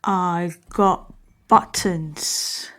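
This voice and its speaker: Unhurried woman musing on her own show. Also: lowish voice, steady tone, a bit bright. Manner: rambling, self-correcting, musing aloud. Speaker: podcast host. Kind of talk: casual solo talk.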